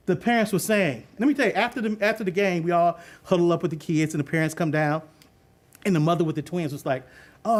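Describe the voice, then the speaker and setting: High-voiced man telling a coaching story. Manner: animated, laughing often, acts out quoted voices. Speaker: youth football coach and speaker. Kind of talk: storytelling talk on leadership.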